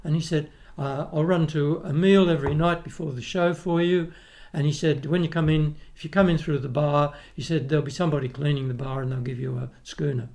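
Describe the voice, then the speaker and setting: A retired opera tenor, an older Australian man with an Australian accent, appears as a guest on a casual podcast, telling rambling anecdotes and often restarting. His voice sits on the high side with a darkish tone and fairly even intonation, and he speaks briskly with few pauses.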